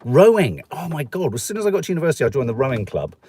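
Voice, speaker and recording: Very animated and very fast, this middle-aged Stoke host has a warm mid-range voice with a breathy edge. On his live stream from England, he chats and jokes rambling through viewer comments, doing voices for people he quotes.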